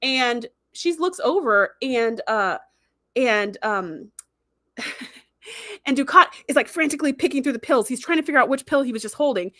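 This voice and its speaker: A young adult woman hosts a casual livestream and eagerly retells a story, filling her talk with ums and likes. Her voice sits a little high. The sound is dry and close, with no room echo. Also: moderate pace. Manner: animated storytelling with many fillers. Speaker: livestream host reviewing episodes.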